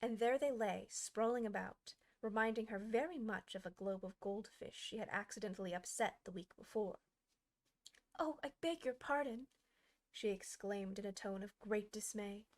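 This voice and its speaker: A woman hosting a show where she reads a classic storybook aloud with a steady, clear delivery. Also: medium pitch. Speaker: audiobook narrator, host. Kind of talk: storybook reading.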